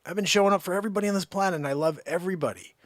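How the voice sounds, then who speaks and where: A man hosting a live stream, rambling through effusive shout-outs to viewers in casual chat. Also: high voice, very fast, no room sound, clean studio sound. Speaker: livestream host.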